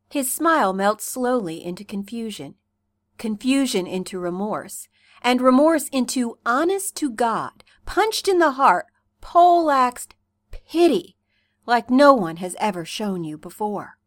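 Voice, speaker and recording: A woman reading a fan fiction story aloud in soft, second-person narration. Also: a little high, big pitch swings, measured pace, no echo, studio quality. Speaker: reader.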